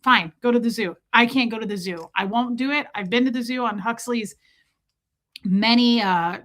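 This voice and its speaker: A woman's voice: fairly high pitch, moderate pace, a bit bright. A woman from Omaha chatting on a live stream, reacting to clips and greeting viewers by name. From Omaha, United States.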